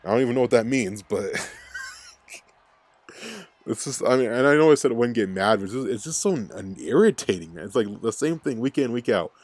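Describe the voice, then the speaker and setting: A man's voice: medium pitch, animated, a little fast, darkish tone. A man hosting a fan recap podcast, ranting in an angry, profane, rambling way. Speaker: podcast host.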